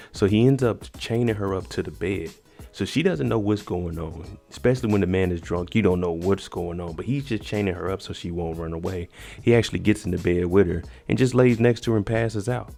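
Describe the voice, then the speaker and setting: A man's voice: low voice, warm tone. A man casually recapping a TV episode in a conversational way, using slang.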